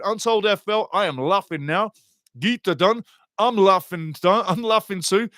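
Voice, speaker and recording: A man calls a soccer match live as a passionate fan. His voice sits a little high and swings from low muttering to excited shouting. The sound is dry and close, with no room echo. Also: a little slow. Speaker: live watchalong commentator.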